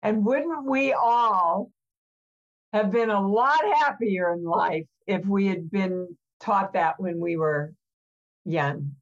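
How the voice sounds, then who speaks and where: An older woman guest in a casual chat, talking slowly and emphatically. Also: medium pitch. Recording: dull lo-fi remote audio.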